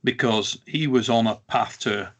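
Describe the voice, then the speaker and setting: A man co-hosting a casual chat, speaking haltingly and often restarting his phrases. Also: medium pitch. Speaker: co-host.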